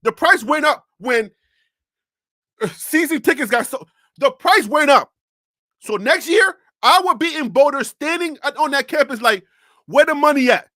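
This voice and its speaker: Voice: high-pitched, animated, unhurried, bright, forceful tone, no echo, studio quality. A sports talk host on a live stream who rants animatedly, fires off rhetorical questions and repeats phrases, speaking into a desk USB microphone.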